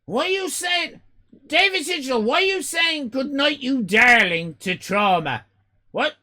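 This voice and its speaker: An Irish man in his fifties hosting a live stream, loud and exclaiming, swearing and joking as he reacts to chat. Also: very high voice, lively intonation, unhurried. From Ireland. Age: 50s. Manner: loud, exclaiming, swears and jokes, rambling restarts.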